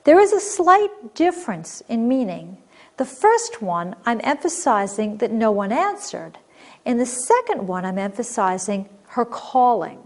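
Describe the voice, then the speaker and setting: A woman teaching a recorded grammar lesson, explaining clearly and patiently. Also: fairly high pitch, sing-song, a little slow.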